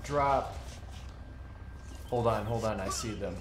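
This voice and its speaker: A man's voice: on the low side, moderate pace. A man playing a military shooter with friends, talking casually and getting panicky under fire. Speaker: gamer. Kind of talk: casual gameplay chat. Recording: echoey room with loud game noise.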